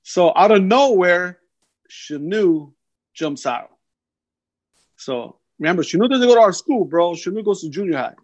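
A man's voice: high voice, a little slow, long pauses. Slangy young man telling a story, lo-fi. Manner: slangy, animated, says "bro" a lot. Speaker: podcast guest. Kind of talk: casual storytelling. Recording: dull lo-fi sound.

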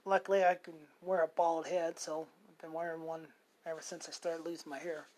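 A man's voice: on the high side, flat delivery, fairly quick, a little mellow. A man co-hosting a podcast, telling a long personal story in casual chat, rambling and profane with many restarts. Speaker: podcast co-host.

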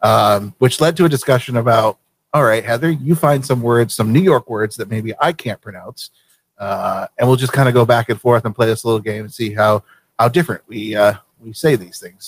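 A man from Vermont hosting a casual live show, easygoing and quick to laugh. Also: mid-range voice, no echo. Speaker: show host.

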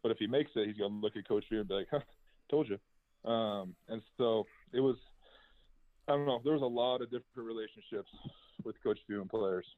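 A man's voice: on the low side, fairly even intonation, fairly quick, dry recording. A young man, a former college basketball player, answering interview questions in a laid-back, chatty way full of fillers. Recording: tinny phone-like line, dry.

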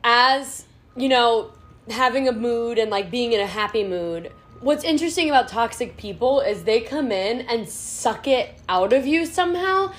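A woman's voice: fairly high pitch, animated, normal speed. A young woman co-hosting a casual chat, reflective and supportive, thinking aloud with many fillers. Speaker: podcast co-host.

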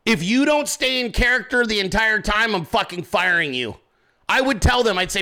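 A man's voice: sits high, lively intonation, moderate pace, pushed and bright. A man delivering a crude, heated, sarcastic ranting monologue as a commentator. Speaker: political commentator.

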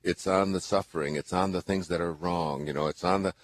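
Earnest low-voiced older man rambling. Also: fairly even intonation, fairly quick. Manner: rambling, earnest, with many restarts. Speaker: radio show host. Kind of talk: spiritual advice to a caller.

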